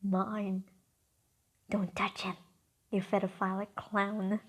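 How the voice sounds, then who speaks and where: A woman voicing a possessive young man warning someone off, in a breathy whisper with a warning manner. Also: medium pitch, flat delivery, slow pace.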